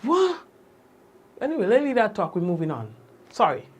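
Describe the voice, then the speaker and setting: A man with a Grenadian accent hosting a news show, reading notices and adding relaxed asides with fillers. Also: sits high, fast talker. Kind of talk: casual news reading with commentary.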